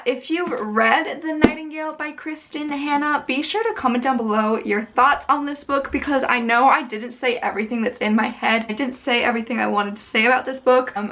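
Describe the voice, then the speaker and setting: A woman's voice: fairly high pitch, a bit bright. A young woman in a casual book review vlog, talking in an emotional, gushing and rambling way. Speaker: book vlogger.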